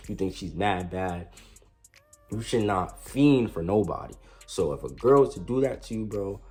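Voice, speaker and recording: A man's voice: sits low, mellow. A young man casually telling a storytime about his past, slangy and self-mocking, with frequent restarts. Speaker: storyteller vlogger.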